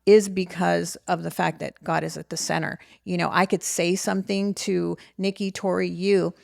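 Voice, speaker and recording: A woman's voice: on the low side, flat delivery, moderate pace, vocal fry, darkish tone, no room sound, clean studio sound. A middle-aged woman and mother, talking in an earnest, reflective way on a casual podcast. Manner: earnest, reflective, faith-centered. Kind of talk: casual heartfelt conversation.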